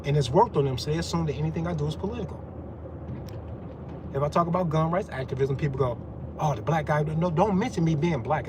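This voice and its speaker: Profane, heated man ranting over noise. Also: a little high. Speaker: vlogger. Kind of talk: ranting monologue.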